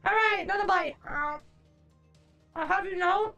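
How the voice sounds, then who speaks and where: High, gravelly-voiced swearing woman streamer. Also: normal speed, bright, forceful tone, muffled recording, soft background music. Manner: profane, rambling, exasperated, answers chat. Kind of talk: casual live-stream chat.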